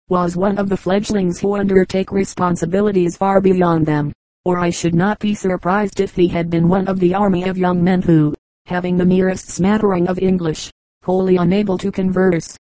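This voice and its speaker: An audiobook reader giving a measured, even narration of a travel memoir. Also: medium pitch, dry recording, rough recording.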